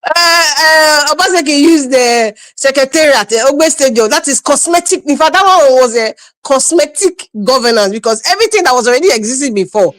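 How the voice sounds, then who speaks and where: A woman's voice: high voice, expressive, fairly quick, few pauses, a bit bright, no room sound. A woman with a Nigerian accent giving scolding, mocking political commentary on a livestream, laughing often.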